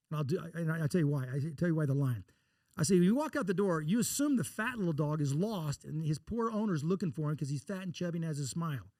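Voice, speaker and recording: A blunt, folksy man from Texas, speaking as an investor guest on an interview show. He talks at a fast clip in a fairly high register and slips into acting out the dialogue in his stories. The sound is close and dry. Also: lively intonation, a little mellow, dry recording. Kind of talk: casual interview storytelling.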